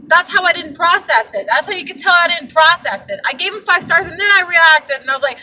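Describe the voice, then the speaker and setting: A young woman vlogger telling a story in a casual, animated, indignant way, full of fillers. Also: high-pitched, a little fast, hardly any pauses, recorded from a distance, slight background noise, poor audio. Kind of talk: casual vlog rant.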